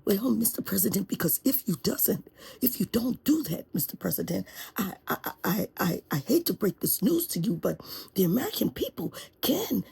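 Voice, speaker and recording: A woman's voice: mid-range voice, sing-song, normal speed, creaky, warm tone, husky, heavily acted. A woman playing a timid, nervous male lawyer who stammers and pleads. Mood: pleading. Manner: stammering, pleading, repeats words.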